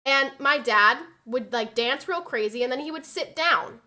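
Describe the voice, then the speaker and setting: Chatting casually, a young woman streamer recounts something that happened to her at a moderate pace. Her bright, slightly high voice has a sharp edge, and she swears freely while loudly, energetically acting out what others said.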